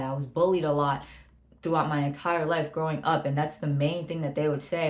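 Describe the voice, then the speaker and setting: Young woman with a low voice, casual vlog advice, earnest and repetitive, roomy echo. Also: a little fast. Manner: earnest, emphatic, repeats phrases for stress. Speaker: vlogger giving self-esteem advice. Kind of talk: casual advice talk to camera.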